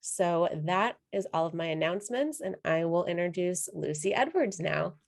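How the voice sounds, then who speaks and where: A woman from the marketing team opens a webinar as emcee. She runs through the housekeeping notes in a friendly, brisk way with occasional ums. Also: fairly low pitch, expressive, gravelly. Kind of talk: webinar announcements.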